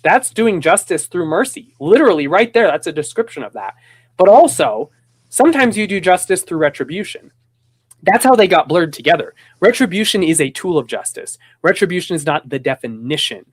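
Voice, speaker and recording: A man's voice: sits high, sing-song, moderate pace, breathy edge. A man hosting a casual conversation who tells stories with animation, rambles with restarts, and acts out the voices he quotes. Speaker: podcast host.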